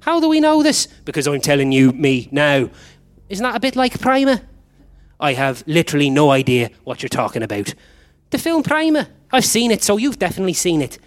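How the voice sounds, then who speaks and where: A man acts out a flustered time traveller from a live stage comedy, speaking. His voice sits a little high and swings up and down with lively energy. He bickers in quick, confused exchanges. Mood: confused, bickering. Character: flustered male time traveller meeting copies of himself. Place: theatre stage, recorded live.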